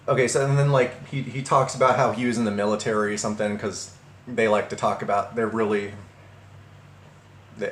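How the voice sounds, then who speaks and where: A man's voice: mid-range voice, reverberant. A man telling a personal story in a casual monologue, rambling with frequent restarts and stammers.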